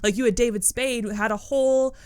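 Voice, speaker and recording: A woman's voice: a little high, steady tone, fairly quick, a little mellow, smooth. A woman co-hosting a podcast, chatting casually and rambling with lots of fillers. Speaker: podcast co-host. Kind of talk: casual chat.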